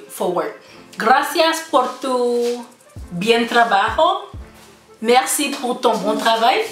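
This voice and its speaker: A woman's voice: on the high side, fairly bright tone. A woman vlogger from the United States, talking casually in a playful, self-mocking way and laughing often as she practices phrases aloud. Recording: roomy room with background music.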